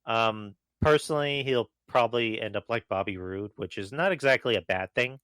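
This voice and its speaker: A man's voice: medium pitch, moderate pace, fairly bright tone, smooth, no room sound. A man guest on a podcast, chatting offhandedly and hedging his opinions, with casual swearing. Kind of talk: casual wrestling podcast chat.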